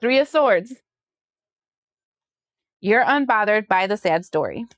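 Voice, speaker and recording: A woman giving a casual tarot reading, sassy and chatty, acting out other people's voices with big jumps in pitch. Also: animated, slow pace, dry recording, clean studio sound. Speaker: tarot reader.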